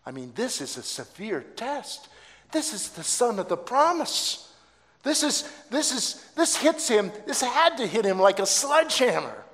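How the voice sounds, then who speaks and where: A man's voice: extremely high pitch, sing-song, unhurried, a bit bright. A man preaching a sermon, telling a story dramatically and with emphasis. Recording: long hall reverb.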